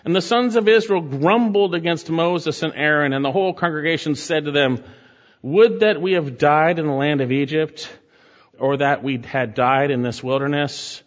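A man's voice: on the high side, normal speed. A male pastor preaching a sermon, reading scripture aloud and breaking off to comment and exhort his congregation. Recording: muffled sound in a reverberant hall.

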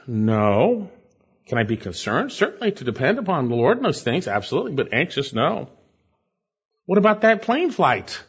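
A man preaching an expository sermon as pastor, emphatic, with sharp jumps in pitch on key words. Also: wildly swooping pitch, a little slow, breathy edge. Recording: dull, lo-fi church recording.

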